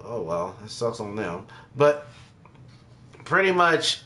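A young man hosting a casual gaming vlog, excitable and slangy, quick to exclaim. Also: on the low side, slight background noise. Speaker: gaming channel host.

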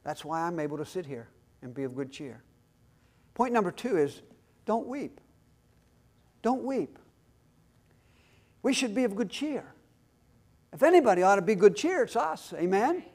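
A man's voice: high voice, sing-song, a little slow, pauses often, darkish tone. A male pastor preaching a sermon, emphatic, with call-and-response questions to the congregation. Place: church.

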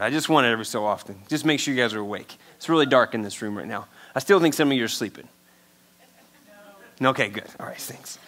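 A man preaches to his congregation in a bright, slightly raised voice. He tells lively everyday stories and keeps prompting the crowd to answer back. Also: fairly high pitch. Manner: energetic, storytelling, asks the crowd for call-and-response. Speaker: pastor. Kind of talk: sermon. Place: church hall before a congregation.

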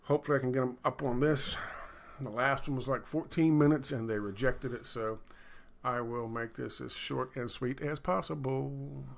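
A man's voice: mid-range voice, normal speed, vocal fry, a little hiss or hum. A middle-aged man ranting in a casual commentary, sarcastic and profane, rambling with lots of fillers. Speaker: video commentator.

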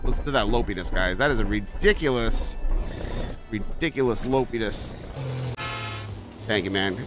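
Over background music, a lowish-voiced man at a moderate pace, with long pauses, provides live commentary while streaming a truck-driving game. He welcomes chat viewers by name, talks with them, and lets out yelps whenever he narrowly avoids a crash.

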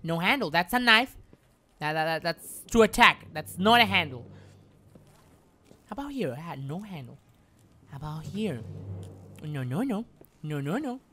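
A woman's voice: fairly low pitch, expressive, measured pace, long pauses, fairly bright tone, a little hiss or hum. A woman streaming a video game live, repeating phrases over and over and chatting to her viewers. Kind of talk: live gameplay commentary.

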